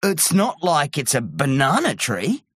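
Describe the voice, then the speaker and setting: A woman's voice: sits low, huge pitch swings, measured pace, breathy edge, no echo, clean studio sound, exaggerated voice. A woman playing an eager boy named Terry. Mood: excited. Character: excited young boy, eager and chatty.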